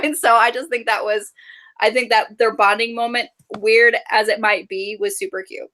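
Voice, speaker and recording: A woman's voice: a little high, fairly even intonation, moderate pace, bright, forceful tone. A woman co-hosting a casual book club chat. She is chatty, giggles often and fills her speech with "like" and "you know".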